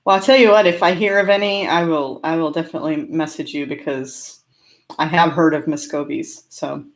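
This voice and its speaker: A woman's voice: deep voice, fairly even intonation, fairly quick. Chatty woman with a slight country twang. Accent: slight rural American twang. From California. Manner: chatty and upbeat, laughs often between remarks. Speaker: homesteading channel host. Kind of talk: casual live-stream Q&A, answering chat.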